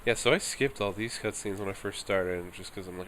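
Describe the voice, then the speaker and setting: Guy w a lowish voice chatting thru a game playthrough, mumbly asides, faint hiss behind. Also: a little fast, fairly bright tone. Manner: offhand, mumbling asides, reads dialogue aloud. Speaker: streamer. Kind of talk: casual game playthrough commentary.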